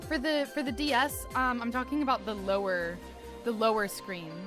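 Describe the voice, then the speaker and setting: A young woman hosts a live stream and chats in a loose, rambling way, peppering her sentences with "like" and restarting them often. Her voice sits a touch higher than most. Faint music plays underneath. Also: steady tone, moderate pace. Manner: rambling, heavy use of "like", frequent restarts. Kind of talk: casual live-stream chat.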